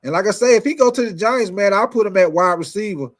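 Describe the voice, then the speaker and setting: A man's voice: sits high, fast. A man hosting a casual sports talk show, talking energetically and calling out to his viewers. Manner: energetic, repetitive, calls out to viewers with 'y'all' and 'man'.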